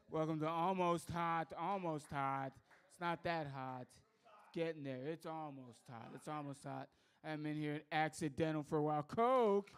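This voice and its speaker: A man with a smooth, clear voice eases into a stand-up set. He chats loosely and pokes fun at himself in an offhand way. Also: on the high side. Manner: loose, self-deprecating chatter. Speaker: stand-up comedian. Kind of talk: casual stand-up opening.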